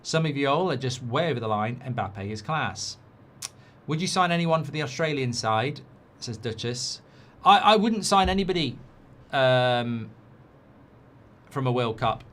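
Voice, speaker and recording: A man's voice: mid-range voice, lively intonation, unhurried, fairly bright tone, slight background noise. A man hosting a live football watchalong, chatting casually and reading out viewer comments.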